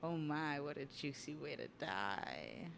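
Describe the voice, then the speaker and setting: A woman's voice: low voice, big pitch swings, takes it slowly, vocal fry, fairly bright tone, a little hiss or hum, exaggerated voice. A woman reading out the lines of a scheming, cruel male villain from a manga, sneering and mocking. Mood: gloating. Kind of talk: reading manga aloud on stream.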